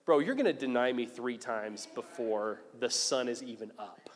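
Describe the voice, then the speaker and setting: A man voicing a calm male teacher who speaks bluntly in casual slang. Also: a little high, brisk, natural voice. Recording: long reverb of a large hall.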